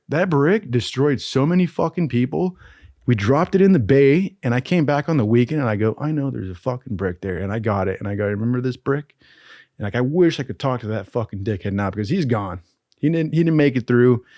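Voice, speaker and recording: A man's voice: on the low side, a little mellow, dry recording, studio quality. A young man telling a profane, casual story from his training, laughing often and saying "dude" a lot.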